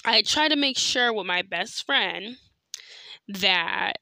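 A woman's voice: mid-range voice, animated, slow pace, vocal fry, sharp tone, no echo, studio quality. A woman telling a personal story in a candid, profane way, full of "like" and "you know". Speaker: podcast host.

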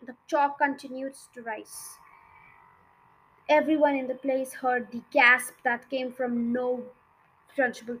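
A woman reading a children's novel aloud, expressive and with small slips. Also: high voice, slow, long pauses, poor audio. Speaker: storybook reader.

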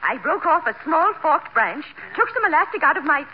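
An eccentric, grand society matron in a 1940s radio comedy, prim and affected. Her voice is high and swoops widely. The broadcast sound is dull and faintly hissy. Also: sing-song, a little fast. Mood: genteel.

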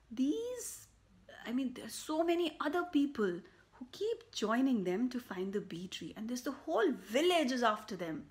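A woman reading a picture book aloud to children, slow and animated, with buzzing and animal sound effects and soft whispered asides. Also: a little high. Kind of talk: children's story read-aloud.

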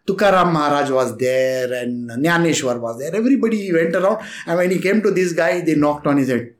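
A man's voice: a little high, brisk. A man telling a spiritual story casually, chuckling often and acting out the voices. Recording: echoey room.

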